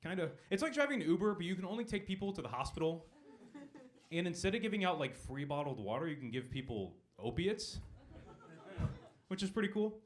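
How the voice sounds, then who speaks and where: A young man does stand-up at a comedy club, trading remarks with the audience and landing punchlines deadpan. His voice is a little high and his delivery brisk, though he leaves long pauses.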